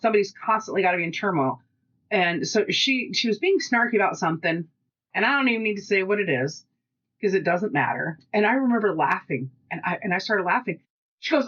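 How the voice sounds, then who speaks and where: A woman with a Pacific Northwest American accent, co-hosting a podcast in casual chat and telling stories with lively quoted dialogue. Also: mid-range voice, a little fast, muffled recording. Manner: chatty storytelling, animated quoted dialogue. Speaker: podcast co-host.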